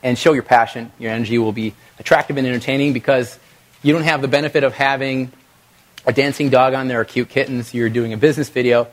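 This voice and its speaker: A middle-aged man leads a live workshop and coaches the room with direct, energetic delivery. His voice sits at an ordinary pitch. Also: fast. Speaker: video presentation trainer. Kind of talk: live workshop talk to an audience.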